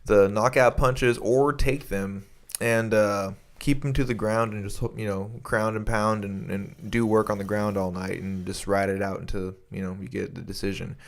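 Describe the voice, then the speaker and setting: A man's voice: lowish voice, level tone, normal speed, creaky, few pauses. A young man co-hosting a podcast in casual chat, rambling with lots of restarts and swearing freely. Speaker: podcast co-host.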